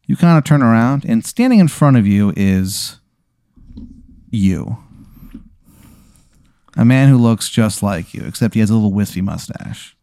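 A man hosting a comedy podcast, casually improvising an absurd story with a rambling, filler-heavy, deadpan delivery. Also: on the low side, measured pace, pauses often, no room sound, studio quality. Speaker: podcast host telling an absurd hypothetical.

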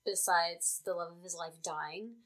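Bright-voiced woman co-host. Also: lowish voice, steady tone, a little slow. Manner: easygoing, with "like" fillers. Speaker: podcast co-host. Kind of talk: casual chat.

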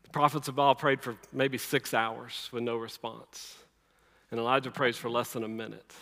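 A man preaching a sermon, emphatic and swinging between loud and hushed, with a playful sarcastic streak. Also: mid-range voice, level tone, normal speed, creaky. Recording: reverberant hall.

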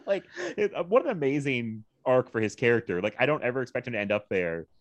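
A man in his thirties from Virginia, co-hosting a podcast, telling animated stories with frequent laughter. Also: mid-range voice, fairly quick, dry recording, lo-fi sound. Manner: animated storytelling, laughs often, quotes people in lively voices. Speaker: podcast co-host. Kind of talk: casual chat.

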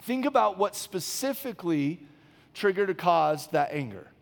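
A man's voice: high voice, expressive, moderate pace, vocal fry. A man in his thirties preaching a sermon, telling a personal story in a conversational way and often checking in with the congregation with "okay?". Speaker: pastor. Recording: long hall reverb.

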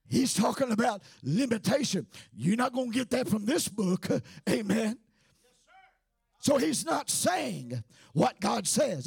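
Man preaching, very high voice, husky, fervent shouting cadence, dry close sound. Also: dry recording. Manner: fervent, shouting, sing-song cadence with frequent "uh". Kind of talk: sermon.

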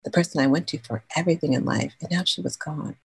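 Low husky woman telling her story. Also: quick pace, low-quality recording. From California. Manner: chatty, slangy, animated storyteller. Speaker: podcast guest. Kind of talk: casual interview storytelling.

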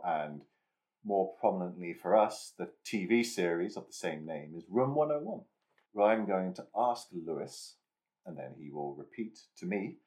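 A man from England co-hosting a podcast, chatting casually and cracking puns with emphatic asides. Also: low voice. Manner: jokey, punning, emphatic. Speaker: podcast co-host.

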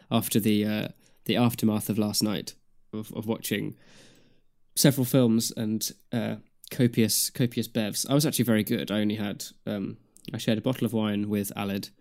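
A young man with a lowish voice, chatting as a podcast co-host. He rambles through fillers and restarts and delivers jokes dryly. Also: darkish tone. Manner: rambling, many fillers and restarts, dry humor. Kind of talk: casual chat.

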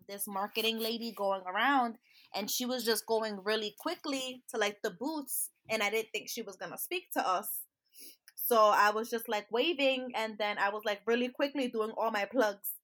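A woman's voice: mid-range voice, normal speed. A woman co-hosting a podcast, telling stories in casual chat with lots of laughter. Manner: animated storyteller who laughs often. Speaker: podcast co-host.

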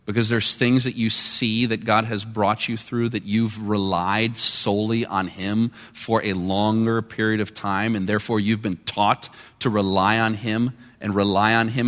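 Male pastor, conversational sermon delivery with quiet and emphatic turns, recorded in a reverberant church hall. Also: on the low side, steady tone, normal speed, few pauses. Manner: conversational preaching, shifting between quiet and emphatic. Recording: long reverb of a large hall.

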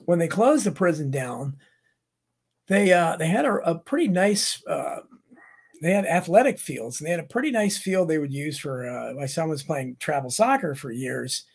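A middle-aged American man talks casually on his livestream, drifting between viewer comments and stories. His voice is husky and sits a little high for a man. He restarts sentences often and wanders off on asides. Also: expressive, normal speed. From United States. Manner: rambling, many restarts and asides. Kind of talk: casual rambling chat.

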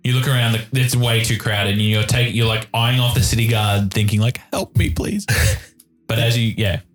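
A man's voice: medium pitch, level tone, fairly quick, faint music behind. A man narrating as game master of a tabletop game, in loose, chatty narration.

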